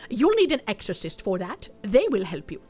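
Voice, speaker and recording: A woman voicing a theatrical TV-style phone psychic in a put-on accent, speaking in slow, solemn pronouncements. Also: medium pitch, wildly swooping pitch, darkish tone, soft background music, pitched below the performer's own voice. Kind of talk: game character voicing.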